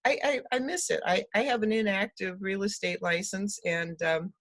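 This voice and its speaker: An older woman, an interview guest telling stories in a lively way, often laughing and acting out the voices of people she quotes. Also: medium pitch, normal speed. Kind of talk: storytelling conversation.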